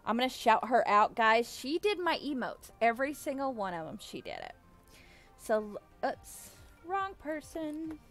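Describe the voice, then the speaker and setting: A woman's voice: fairly high pitch, wildly swooping pitch, a little slow, fairly bright tone, soft background music. A young adult woman chatting casually with viewers on a live stream, bubbly and giggly, thanking them effusively. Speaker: livestreamer.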